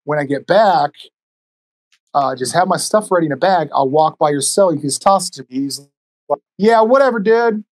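A man's voice: fairly high pitch, brisk, no echo, poor audio. Profane, laid-back male podcast guest. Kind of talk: casual storytelling. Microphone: cheap USB microphone.

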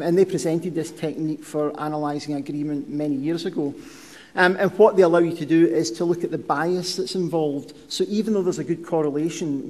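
A man's voice: fairly high pitch, a little mellow. A middle-aged man giving a conference lecture, explaining steadily with frequent ums and restarts. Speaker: podiatry researcher giving a lecture. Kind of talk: conference presentation. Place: lecture hall. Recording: reverberant lecture hall.

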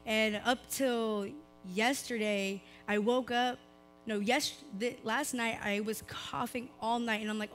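A young woman, slightly hoarse, gives a chatty, informal youth sermon full of "like" fillers. Her voice sits a little high. Soft instrumental music plays faintly behind her. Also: fairly even intonation, measured pace. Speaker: preacher. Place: church service, recorded live.

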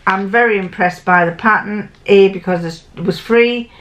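A woman's voice: medium pitch, moderate pace, a bit bright. An older woman, chatting casually to camera as a sewing vlogger. She rambles and often restarts or corrects herself mid-sentence.

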